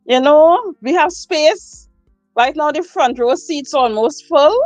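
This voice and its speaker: Woman livestream host, slow, higher voice, casual, dry phone sound, faint music behind. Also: dry recording, rough recording. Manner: slow, repetitive, laughs often. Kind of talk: casual live chat.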